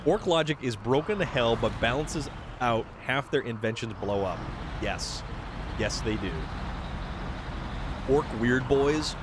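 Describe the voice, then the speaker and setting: A man hosting a livestream, chatting excitedly and answering viewers while he plays a video game. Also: medium pitch, a little slow, pauses often, noisy background. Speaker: livestream host. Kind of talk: casual chat while playing a video game.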